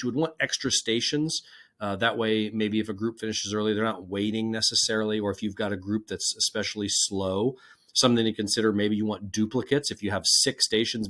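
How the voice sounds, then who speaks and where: Male presenter, lower voice, relaxed conversational explainer for a teaching workshop. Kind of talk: instructional presentation.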